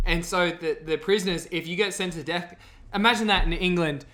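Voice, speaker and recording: A man's voice: sits high, fairly quick. A man, a podcast guest telling loose, profane stories in casual chat. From Australia. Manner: animated, profane storytelling with laughs.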